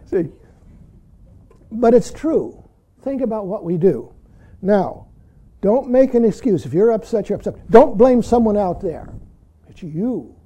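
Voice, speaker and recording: A man's voice: sits high, big pitch swings, slow, long pauses, warm tone, husky. A man giving a dharma talk to his students as a Zen teacher, emphatic and chuckling, with "see" after nearly every thought. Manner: emphatic, keeps saying "see", chuckles often.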